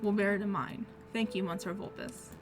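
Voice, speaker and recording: A woman's voice: medium pitch, steady tone, normal speed, over music, voice pushed down, lightly acted. A woman doing a dry, weary male falcon lawyer.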